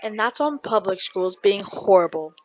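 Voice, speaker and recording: A young podcast co-host chatting casually, cutting in with goofy, lively remarks. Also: female voice, mid-range voice, normal speed, background noise. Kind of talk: casual chat. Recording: dull lo-fi sound.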